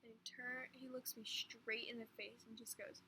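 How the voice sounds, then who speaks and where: Bright-voiced chatty young woman. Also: on the high side, normal speed, rough recording. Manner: rambling, filler-heavy, animated. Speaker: vlogger. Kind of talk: casual storytime chat. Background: faint fan hum.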